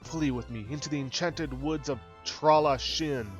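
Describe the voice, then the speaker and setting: A man voicing a breathy, lovesick female elf with a lilting, wailing delivery. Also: a little high, moderate pace, soft background music, pitched above the performer's own voice, natural voice. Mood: pleading.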